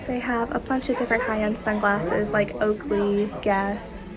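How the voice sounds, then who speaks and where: A young woman, chatting brightly as she shows off purchases in a travel vlog. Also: medium pitch, little pitch movement, unhurried, a loud crowd. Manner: bubbly, chatty, enthusiastic. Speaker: travel vlogger. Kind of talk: casual vlog narration. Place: cruise ship.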